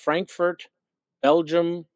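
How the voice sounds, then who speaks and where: Veteran radio host, male, Midwest-raised, expressive storyteller, dry studio sound. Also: fairly high pitch, slow pace, no room sound. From American Midwest. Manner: animated storyteller acting out quotes. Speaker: radio show host, guest. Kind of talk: casual storytelling chat.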